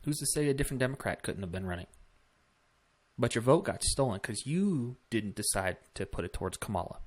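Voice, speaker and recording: A man's voice: medium pitch, expressive, fairly quick. A man hosting a casual political commentary vlog, talking bluntly with swearing and rambling asides. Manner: blunt, profane, rambling with fillers.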